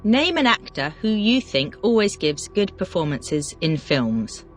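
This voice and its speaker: A teacher runs a language drill, reading out single vocabulary words and then firing brisk questions. The voice sits at a middle pitch, its intonation swings widely, and faint music plays underneath. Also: sing-song. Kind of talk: scripted question-and-answer drill.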